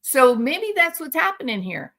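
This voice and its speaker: A woman's voice: sits high, sing-song, moderate pace, pushed and bright. A woman hosting a commentary stream, talking outraged and sarcastic and speaking straight to the person she criticizes. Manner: outraged, sarcastic, addresses her subject directly. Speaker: commentary channel host. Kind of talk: indignant commentary monologue.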